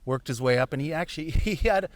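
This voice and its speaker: A man's voice: a little high, quick pace, dry recording. A middle-aged man talking as a comedian guest in a casual podcast chat, telling rambling, self-deprecating stories.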